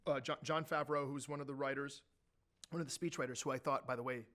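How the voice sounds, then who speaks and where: A middle-aged man telling animated stories as an interview guest, his pitch and loudness jumping suddenly. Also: fast talker. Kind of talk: storytelling in an interview.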